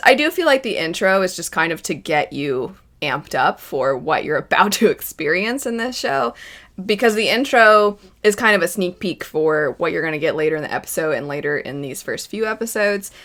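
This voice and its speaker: A young adult woman giving casual, enthusiastic first-impressions commentary on an anime, chatty and quick to laugh. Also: mid-range voice, pushed and bright. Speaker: anime reaction vlogger.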